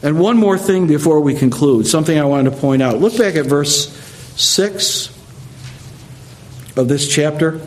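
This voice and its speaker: A man's voice: on the high side, unhurried, long pauses, a little hiss or hum. A man preaching a verse-by-verse sermon, explaining the text in a conversational way with frequent asides to the listeners. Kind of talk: expository sermon.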